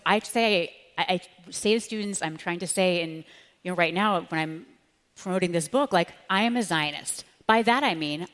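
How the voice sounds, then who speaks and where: A woman talking with fervent conviction in a live onstage conversation, sometimes slipping into the voices of the people she quotes. Her voice sits a little low and rings out with a long reverb, as if in a large hall. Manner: impassioned, animated, acts out quoted voices. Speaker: author and speechwriter, guest.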